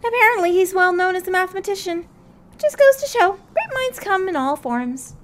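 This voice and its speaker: A woman voicing a bright, eager schoolgirl heroine. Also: very high-pitched, expressive, normal speed, noisy background, voice pushed up. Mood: earnest. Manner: bright, eager storybook narration. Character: cheerful, earnest young schoolgirl heroine. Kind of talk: reading a visual novel aloud.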